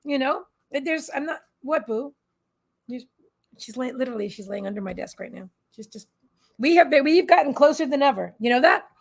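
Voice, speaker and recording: A woman with a high voice and a gravelly edge hosts a live psychic reading stream from home. She rambles casually and emotionally, reading out viewer comments and breaking off to talk to her dog under the desk. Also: expressive, normal speed.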